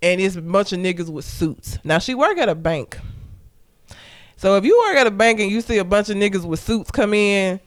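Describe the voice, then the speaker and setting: A woman co-host tells a film's story with lively, profane energy. Her voice is smooth and clear, at a middling pitch for a woman. Her recap is casual and dramatic. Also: normal speed. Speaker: podcast co-host. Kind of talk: casual movie recap chat.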